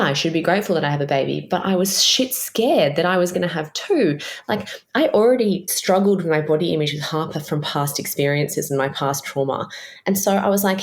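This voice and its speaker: An Australian woman in her thirties tells her own story with open candor and a slightly low voice. She swears casually and slips into quoted voices as she speaks. Her tone stays conversational throughout. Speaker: podcast host. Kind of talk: personal storytelling.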